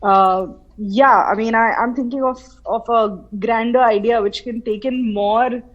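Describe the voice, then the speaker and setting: Woman from central India, higher voice, lively storyteller, remote interview guest. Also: unhurried, highs cut off. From Madhya Pradesh, India. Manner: animated storyteller, acts out remembered voices. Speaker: guest, film artist. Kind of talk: casual interview. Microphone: remote call from her home city.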